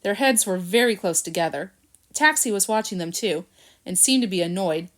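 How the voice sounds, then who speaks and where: A woman narrating a children's storybook in an expressive manner. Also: mid-range voice, normal speed. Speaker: reader.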